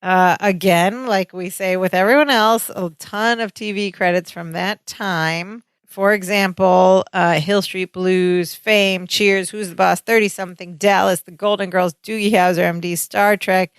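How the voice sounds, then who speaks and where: Podcast co-host: woman, clear smooth voice, dry close mic. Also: medium pitch, steady tone, measured pace, hardly any pauses, no echo. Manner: conversational, lists credits, quotes characters in a raised voice. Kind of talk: casual chat recapping a sitcom.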